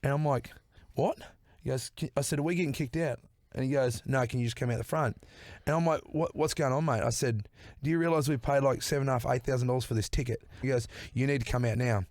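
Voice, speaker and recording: A man on a podcast telling a story in casual, animated fashion, swearing freely. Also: mid-range voice, fast, dry recording, studio quality. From Australia or New Zealand. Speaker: podcast host.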